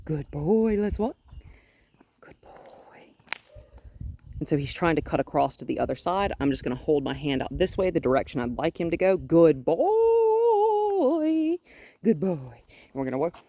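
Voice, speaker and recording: A woman working as a dog trainer, calmly explaining her methods during a hands-on outdoor session and often breaking off to praise the dog. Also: low-pitched, fast talker, no room sound. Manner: calm and explanatory, with frequent cheerful praise for the dog. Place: outdoors near a gate with a noisy HVAC unit.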